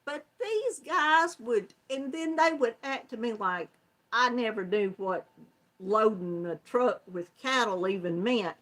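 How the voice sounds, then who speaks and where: A crochet channel host from the US South, this older woman from Georgia talks with a Southern accent in a medium-pitched, fairly bright voice. Her livestream is casual, full of folksy chat with viewers and plenty of laughter.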